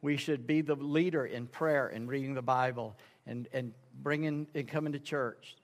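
A man's voice: mid-range voice, steady tone, moderate pace. A man preaching a sermon as pastor, telling folksy stories and acting out the people in them. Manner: folksy storytelling, acts out dialogue in quoted voices. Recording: reverberant sanctuary sound.

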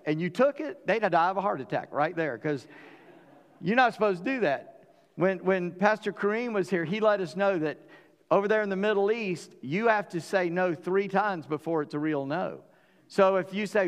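Animated Southern pastor in a reverberant hall. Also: male voice, sits high, moderate pace. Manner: animated, acting out dialogue in voices. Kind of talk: sermon.

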